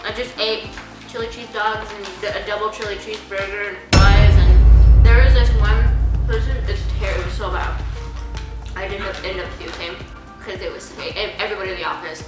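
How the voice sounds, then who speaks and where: A young woman guest chatting over a meal, giggly and lively as she quotes her friends. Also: mid-range voice, fairly quick. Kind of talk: casual chat over a meal. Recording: echoey room with loud music behind.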